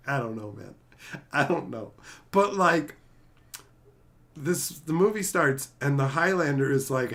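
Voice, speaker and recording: A man on a casual stream, ranting and acting out scenes, swearing freely and laughing as he tells it. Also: mid-range voice. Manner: animated, acts out scenes in put-on voices.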